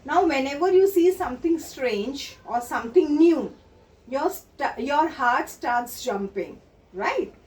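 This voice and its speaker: A high-pitched woman teaching children, talking slowly and patiently as she explains a story and the meanings of its words. She is heard from some distance in an echoey room with faint noise behind her. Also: animated, darkish tone.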